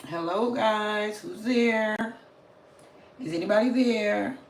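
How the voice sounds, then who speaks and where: A hoarse woman chatting casually with viewers on a home live stream from a small room, greeting them in many languages. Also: medium pitch, takes it slowly, slight background noise. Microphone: phone camera. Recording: roomy home recording.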